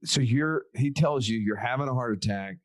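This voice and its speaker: A man's voice: medium pitch, moderate pace, no echo. A man hosting an interview podcast, asking curious questions and laughing easily. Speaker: podcast host. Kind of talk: conversational interview.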